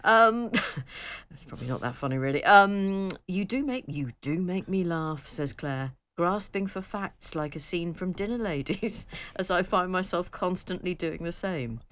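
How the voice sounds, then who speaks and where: A woman co-hosting a radio chat show, chatty and quick to laugh as she reads out listener emails. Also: on the low side, animated, fairly bright tone. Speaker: radio co-host.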